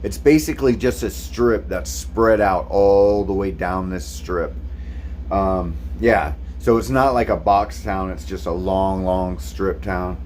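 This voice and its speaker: A man's voice: sits low, takes it slowly, darkish tone, a little hiss or hum. Easygoing sounding man vlogging. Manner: easygoing, rambling, lots of ums. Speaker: thru-hiker vlogger. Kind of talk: casual vlog monologue.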